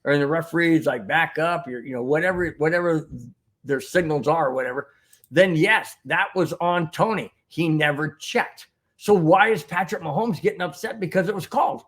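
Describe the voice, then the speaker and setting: A man's voice: a little high, moderate pace, a bit bright. A man hosting a fan podcast, ranting with indignation and rambling with repeated phrases and restarts while he reads chat comments. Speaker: podcast host reading live chat. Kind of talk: heated sports recap with chat.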